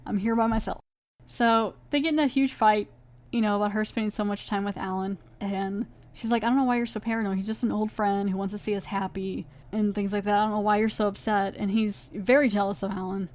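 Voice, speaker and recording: A woman's voice: mid-range voice, brisk. Chatty woman recapping a TV episode. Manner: chatty, animated, retells scenes with quoted voices. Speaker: podcast host reviewing a TV episode.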